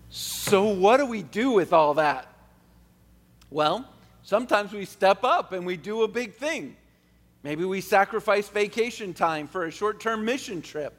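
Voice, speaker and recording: A man preaches in an earnest, unhurried way, stacking up rhetorical questions. His voice sits high for a man. A long reverb from the church hall trails behind him. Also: lively intonation, fairly bright tone. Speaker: pastor. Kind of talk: sermon.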